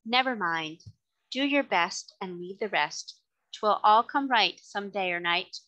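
Woman reading devoted cabman's wife, slow and firm; bright tone. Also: medium pitch, expressive, highs cut off. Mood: soothing. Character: loving, resolute cabman's wife.

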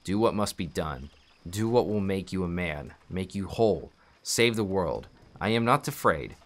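A man reading aloud the lines of a sickly, dying male priest who is calm and resigned, in a slow, solemn delivery. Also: low-pitched, voice pushed down.

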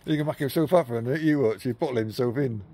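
Speaking very fast in a warm, mid-range voice, a man films his dogs in the garden with a handheld camera. He talks to them casually, teasing and encouraging them with plenty of laughter.

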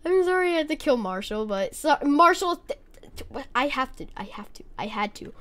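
A woman's voice: high voice, very animated, fairly quick, a bit bright. A woman giving gameplay commentary from a cold bedroom, jittery and squealing when scared, apologizing often. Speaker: gaming YouTuber. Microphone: desk mic.

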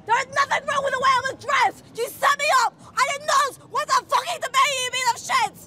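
A woman shouting furiously and swearing in a tearful street confrontation in a public park. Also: very high voice, fairly even intonation, quick pace. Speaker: debate participant. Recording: crowd noise outdoors.

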